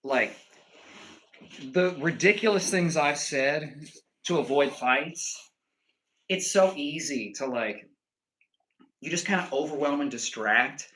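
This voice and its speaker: A young man chatting casually with his stream viewers and rambling through animated stories full of fillers. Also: medium pitch, low-quality recording. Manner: rambling, animated storytelling full of "like" and "you know".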